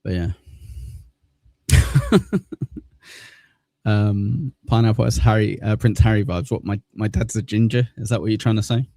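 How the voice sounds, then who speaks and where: A laid-back livestream host from southern England, with an accent close to Cockney, reads out viewer comments in a rambling, casual chat and swears freely. His gravelly voice sits on the low side with a dark, steady tone. He talks a little fast with few pauses, and the recording is dry.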